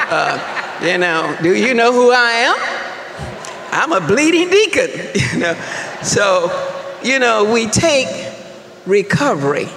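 A woman speaks slowly and deliberately, sharing her own recovery story at a meeting with dry, self-mocking humor. Her voice rings through a roomy hall with a long reverb tail, over faint room ambience. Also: on the low side, creaky. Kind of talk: personal testimony talk.

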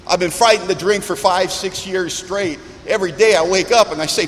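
A man sharing his recovery story with a meeting audience, candid and self-mocking, building dramatic lists with pauses. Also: high-pitched. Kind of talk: personal recovery testimony to an audience. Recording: echoey hall with faint background noise.

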